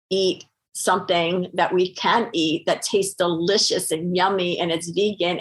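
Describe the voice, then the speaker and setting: A middle-aged woman speaking as a guest on a podcast, talking earnestly with lots of fillers and restarts. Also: lowish voice. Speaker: podcast guest, holistic doctor. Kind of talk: conversational interview.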